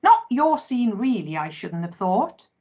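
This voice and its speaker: A woman's voice: mid-range voice, sing-song, a little slow, mellow, slightly rough, exaggerated voice. A woman voicing a chatty, friendly male dog who talks heartily and takes offence easily in a storybook reading. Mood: hearty. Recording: dull lo-fi recording.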